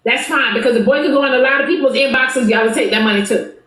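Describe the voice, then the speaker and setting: A woman's voice: high-pitched, quick pace, fairly bright tone, echoey room. A woman hosting a live stream panel, insistent and cutting in to be heard in a heated argument.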